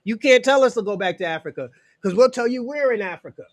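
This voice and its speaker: A man's voice: very high-pitched, expressive, quick pace, no echo. A man from the United States chatting on a casual livestream and answering his chat, talking loosely and profanely, filling gaps with "you know" and chuckling often.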